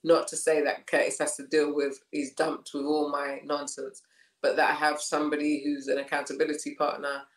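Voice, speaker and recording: A woman's voice: low-pitched, monotone, moderate pace. Woman guest, candid and chatty, mid voice, echoey room. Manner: candid, laughing, repeats phrases. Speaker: podcast guest. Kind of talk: casual conversation. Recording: roomy echo.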